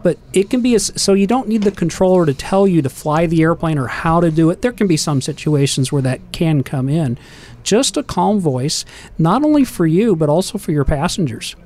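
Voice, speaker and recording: A man explaining aviation safety in a calm, steady manner during a casual panel talk. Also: fairly high pitch, brisk, few pauses.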